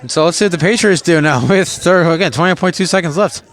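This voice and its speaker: A man's voice: on the high side, fast talker, fairly bright tone. A man calling a live football game play by play, chatty and openly puzzled by the coaching decisions. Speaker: play-by-play announcer.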